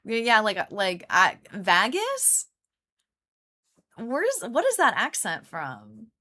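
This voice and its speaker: Woman streamer, casual live chat, slow and bright, rambling and giggly. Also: on the high side, wildly swooping pitch. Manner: chatty, laughs often, greets and answers chat; rambling, many "like" fillers.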